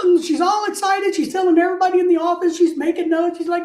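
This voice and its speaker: A man's voice: extremely high pitch, fairly even intonation, quick pace, hardly any pauses, a little mellow. A man telling stories in a rambling, casual way, drifting off topic and breaking into mock outrage. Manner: talkative, wanders off topic. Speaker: streamer. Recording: roomy echo.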